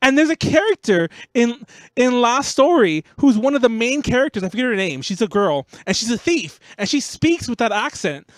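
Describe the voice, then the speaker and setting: A podcast host talks casually with a very high, light voice. He rambles, laughs and defends himself. The sound is dry and close to the mic. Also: very animated, moderate pace, no room sound.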